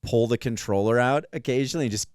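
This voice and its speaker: A man's voice: mid-range voice, fast, dry recording, studio quality. A young man co-hosting a podcast, telling stories casually with lots of swearing and acted-out quotes. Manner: animated storytelling, swearing, acts out quotes. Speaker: podcast co-host. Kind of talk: casual chat.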